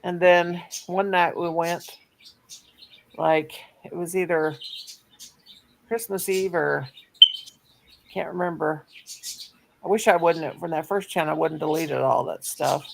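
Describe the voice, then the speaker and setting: A woman with a gravelly voice chatting casually on a livestream, telling stories. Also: deep voice, fairly even intonation, a little slow, pauses often. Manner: chatty storyteller. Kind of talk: casual chat. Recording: faint background noise.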